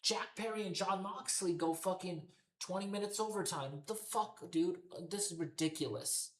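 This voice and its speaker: A high-voiced man talks at normal speed, his wrestling podcast recorded in an echoey, roomy space. As host of the commentary show, he rants in exasperation with nonstop swearing.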